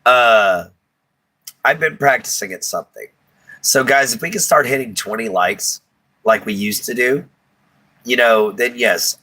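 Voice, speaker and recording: A man's voice: lowish voice, pushed and bright. A man hosting a casual live stream, chatty and affectionate with many fillers.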